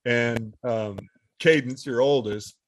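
A man conducting a relaxed conversational interview, prompting his guest with questions. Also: mid-range voice, slow pace, a little hiss or hum.

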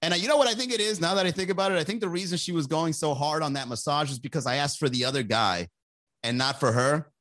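A man's voice: a little high, fast talker, a bit bright. A man hosting a podcast, telling a rambling, crude story in a casual monologue, laughing often and acting out other people's lines. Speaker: podcast host.

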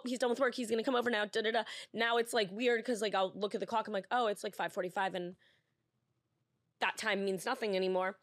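A woman's voice: mid-range voice, no echo, studio quality. Tearful young woman rambling on a podcast. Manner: rambling, full of "like" and restarts. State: tearful, on the edge of crying. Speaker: podcast co-host. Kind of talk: casual podcast chat. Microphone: podcast studio mic.

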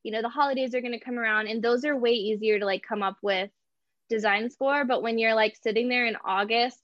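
A woman's voice: fairly high pitch, steady tone, fairly quick, fairly bright tone, no room sound, muffled recording. A young woman, an artist and small business owner, chatting casually as an interview guest, laughing often and filling with "like" and "you know".

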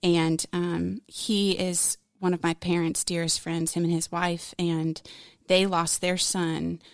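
A woman's voice: fairly low pitch, level tone, takes it slowly, creaky, dry recording, clean studio sound. A woman in a conversational interview, telling a personal story in a frank, candid, rambling way, full of fillers and emotion. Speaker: podcast guest.

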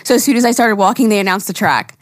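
A young woman tells a story on a podcast, acting out what people said and cursing casually. Her voice sits in a middle pitch and is recorded dry and close, with no room sound. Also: quick pace, no room sound. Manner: animated storyteller, acts out quotes, swears freely. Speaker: podcast co-host. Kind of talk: casual chat.

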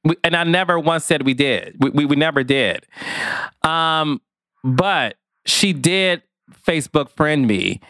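Man, casual reality tv commentary, smooth resonant voice, dry close sound, sassy asides. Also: a little high, unhurried, no echo. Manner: chatty and expressive, with sassy asides. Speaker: commentator, former field producer.

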